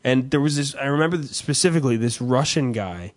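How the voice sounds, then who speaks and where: A man's voice: medium pitch, a little fast. Profane man telling rambling stories. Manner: rambling, profane, animated storyteller. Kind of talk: casual chat.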